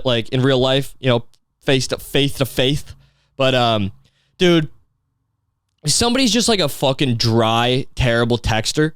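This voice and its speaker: A man's voice: medium pitch, a bit bright, smooth, no echo, clean studio sound. A young man hosting a podcast, rambling in a casual, profane comedic rant full of fillers and restarts. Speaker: podcast host.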